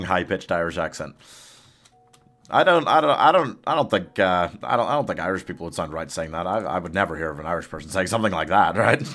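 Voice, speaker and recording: A man's voice: low-pitched, fairly bright tone. A man streaming a game live, chatting casually with his chat, laughing often and coaxing his companion along. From United Kingdom.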